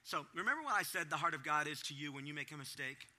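A middle-aged man preaches to parents in a high, lively voice that leaps up and down as he acts out his own reactions. His tone is bright and forceful, never still for long. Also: fast. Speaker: pastor. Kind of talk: sermon to parents.

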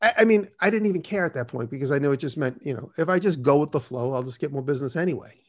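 A man's voice: on the high side, expressive, racing. A man telling casual, rambling stories in an interview and acting out the dialogue in them. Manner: rambling, acts out quoted dialogue. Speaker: guest. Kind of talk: casual storytelling.

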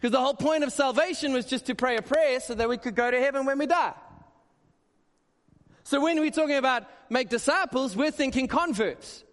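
A male pastor giving a conversational, animated sermon with quick asides. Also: very high-pitched. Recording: long hall reverb.

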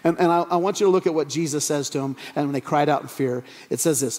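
Pastor, male, joking storyteller sermon, voice on the high side, long hall reverb. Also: fast, few pauses. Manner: humorous, animated storytelling. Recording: echoey hall.

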